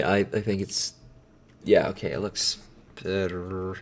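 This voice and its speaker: A man streaming himself editing a video, talking to himself in rambling casual chat that breaks into sudden loud outbursts. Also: low-pitched, steady tone, slow pace, pauses often.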